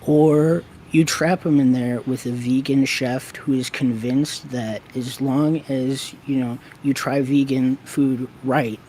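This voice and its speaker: A man's voice: medium pitch, fairly even intonation, slow pace, few pauses, a little mellow, a little hiss or hum. A man co-hosting a livestream, chatting in a laid-back, agreeable way. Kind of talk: casual chat.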